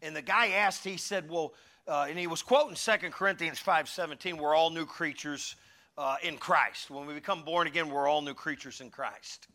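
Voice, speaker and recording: Man, middle-aged, pastor, conversational sermon, high voice, gravelly, animated with hushed asides. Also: normal speed. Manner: animated, shifts from loud calls to hushed asides. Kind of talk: conversational sermon with humorous stories.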